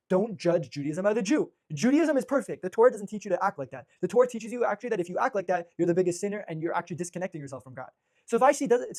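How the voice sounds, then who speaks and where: A man teaching an informal religious class, energetic, with many restarts and fillers. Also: high voice.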